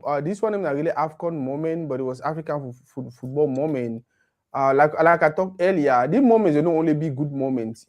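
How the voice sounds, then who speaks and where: Animated Nigerian man, slightly high voice. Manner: animated, mixes Pidgin with English. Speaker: co-host. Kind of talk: casual football chat.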